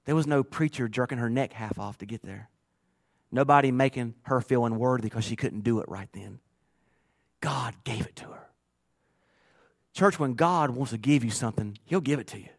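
A man pastor preaching a sermon through personal stories, earnest and emotional, moving from quiet to loud. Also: mid-range voice, normal speed. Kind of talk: storytelling sermon.

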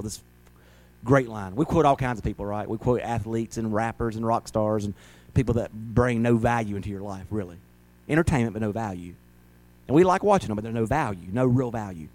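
With a voice on the low side, a male pastor delivers a conversational, folksy church sermon. He often builds to dramatic, loud shouting while playing the part of a crowd.

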